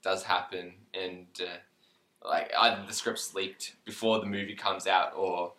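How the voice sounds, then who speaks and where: Male podcast co-host, casual chat, calm and easygoing, crisp low tone, roomy sound. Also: unhurried.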